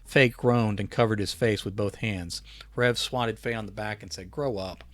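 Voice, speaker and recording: Author reading his holiday story; low voice, dry close sound, unhurried with small restarts. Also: no echo. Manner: relaxed reading with small self-corrections.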